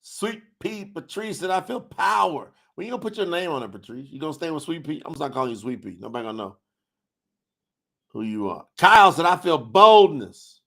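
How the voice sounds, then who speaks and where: A man's voice: fairly high pitch, a little fast, creaky. A man hosting a religious livestream, reading chat comments aloud and preaching. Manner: animated, preacher-like, shouts at times. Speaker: religious talk host.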